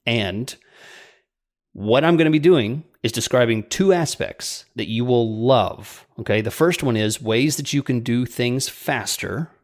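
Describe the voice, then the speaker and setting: A man's voice: mid-range voice, measured pace. A man co-hosting a podcast in casual chat, chatty and joking with sarcastic asides. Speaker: podcast co-host.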